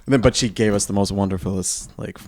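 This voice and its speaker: A man with a low-pitched voice chats casually as a guest on a comedy podcast. He tells stories loosely and laughs often between lines. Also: fast, darkish tone.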